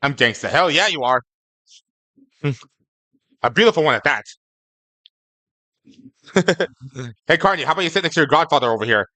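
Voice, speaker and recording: A young man chats with his live-stream viewers in a loose, rambling way, stumbling over his words and checking in with "okay?". His voice sits a bit high and has a bright, forceful edge. The sound is close and dry. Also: expressive, moderate pace, long pauses, dry recording. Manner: rambling and stammering, tags lines with "okay?".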